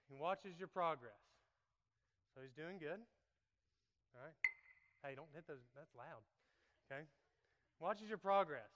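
A man's voice: sits high, fairly bright tone. A man preaching to his congregation, playful and laughing as he works a live demonstration into the sermon. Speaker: pastor. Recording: echoey hall reverb.

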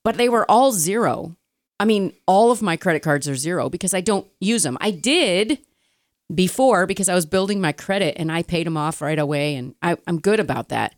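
A woman's voice: fairly low pitch, animated, normal speed, no room sound, clean studio sound. Earnest, reflective woman. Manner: earnest, reflective, a bit hesitant. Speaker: podcast co-host. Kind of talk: casual faith chat.

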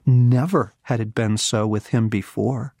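Slow, husky-voiced man teaching. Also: on the low side, steady tone, dark tone. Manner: slow, intense, drops to a whisper for emphasis. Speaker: author and teacher. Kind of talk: devotional teaching with scripture reading.

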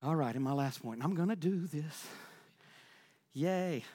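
A pastor preaching a sermon, loud and excitable, often shouting when stirred up. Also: male voice, fairly high pitch, a little slow, in a large hall.

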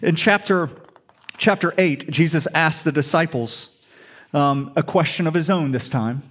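A man's voice: fairly high pitch, measured pace, fairly bright tone. A man preaching a sermon in an emphatic storytelling way, full of rhetorical questions. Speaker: pastor.

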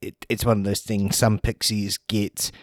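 Man doing a tiny shoe pixie, haggling, halting improv, low voice, dry sound. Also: level tone, no echo, natural voice. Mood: awkward spooky. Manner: rambling, halting improv delivery. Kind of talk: improv comedy.

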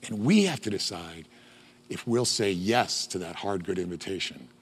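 A man's voice: low-pitched, expressive, normal speed, breathy edge. A middle-aged man preaching a sermon as pastor, telling a story with lots of ums and uhs and acting out quotes. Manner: storytelling with acted quotes and many fillers.

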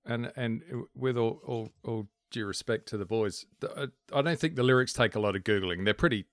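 A middle-aged man co-hosting a podcast, talking in a relaxed, frank way and laughing easily. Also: mid-range voice, fairly quick, no echo. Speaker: podcast co-host. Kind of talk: casual chat.

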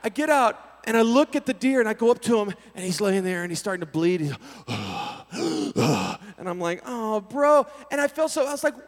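A man preaching a storytelling sermon to young people, acting out scenes with voices and sudden loud bursts. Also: extremely high pitch, quick pace, hardly any pauses. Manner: animated, acts out scenes with voices and sudden shouts. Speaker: youth pastor. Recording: reverberant hall.

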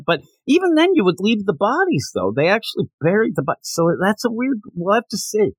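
A man from Pennsylvania, co-hosting a casual podcast about manga. He acts out characters' lines in quick put-on voices. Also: fairly high pitch, wildly swooping pitch, dry recording. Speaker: podcast co-host.

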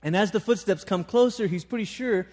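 Preacher guy, fairly high voice, telling a bible story in a sermon, lots of restarts. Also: a little fast, a little mellow.

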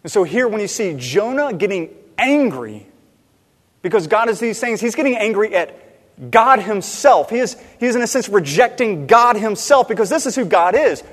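A man delivers a sermon with an animated, slightly high voice. He swings from loud emphasis to hushed, quiet asides. His voice carries with a long reverb through a church sanctuary. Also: normal speed. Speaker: pastor. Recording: long reverb in a large hall.

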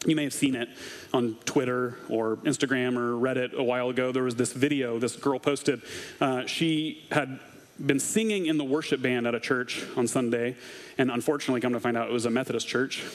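A man's voice: mid-range voice, fairly even intonation, a little fast. A man preaching a conversational sermon as a pastor, casual and wry with dry asides. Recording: long hall reverb.

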